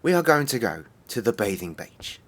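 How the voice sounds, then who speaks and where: A man's voice: mid-range voice, very animated, moderate pace, a bit bright, slight background noise. A man streaming a game, swearing and muttering exasperatedly at it. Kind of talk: casual game-stream commentary.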